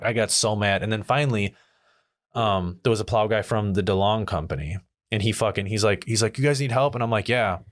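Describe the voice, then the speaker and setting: A man hosting a casual podcast chat, cursing freely and acting out his own rants. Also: lowish voice. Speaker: podcast host.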